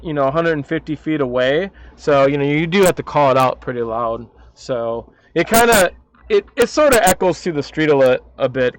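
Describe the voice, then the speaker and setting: A man narrating as game master for a tabletop game in a relaxed, filler-heavy way. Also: on the high side, smooth, no room sound. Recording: slightly muffled home mic with faint music.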